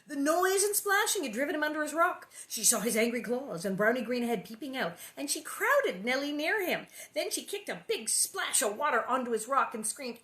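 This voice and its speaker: A woman reads a children's book aloud and chats between passages with amused asides. Her voice is bright and animated, rising and falling freely. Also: on the high side, fairly quick, hardly any pauses. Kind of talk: read-aloud storytelling with casual asides.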